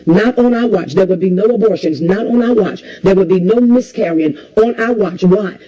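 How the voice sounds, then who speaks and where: A woman's voice: medium pitch, warm tone, highs cut off. A woman preacher hosting callers, talking in an emphatic, repetitive preaching cadence. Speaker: preacher hosting a call-in livestream. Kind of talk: call-in talk with preaching.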